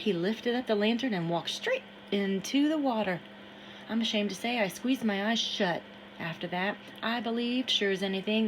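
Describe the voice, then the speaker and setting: A woman narrating a novel in first person, steady and measured. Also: mid-range voice, a little hiss or hum, poor audio. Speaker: audiobook reader.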